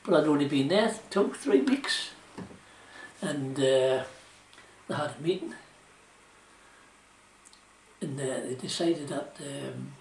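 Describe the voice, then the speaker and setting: A man's voice: fairly high pitch, far from the mic, slight background noise. An older man with a Geordie accent, telling rambling stories of his working life in casual dialect, full of "you know" and "like". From South Shields, England. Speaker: interviewee, former shipwright. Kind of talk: oral history reminiscence. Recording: roomy echo, voice from off-mic.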